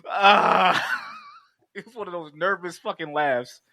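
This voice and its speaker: Brief: bright, animated man, profane recap chat, dry close sound, voices for the scenes. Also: on the high side, normal speed, dry recording. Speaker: podcast co-host. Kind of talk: casual film recap chat.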